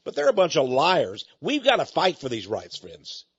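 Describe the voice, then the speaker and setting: A man's voice: on the high side, huge pitch swings, normal speed, slightly rough, lo-fi sound. A man hosting a radio talk show, making a folksy, chatty appeal to listeners and often repeating his words.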